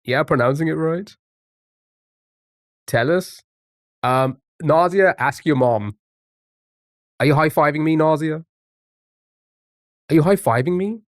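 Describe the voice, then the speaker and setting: A man's voice: fairly high pitch, slow pace, long pauses, no echo. Chatty male streamer, dry close mic. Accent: non-American English. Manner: chatty, greets viewers, thinks aloud while guessing words. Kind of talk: casual live-stream chat.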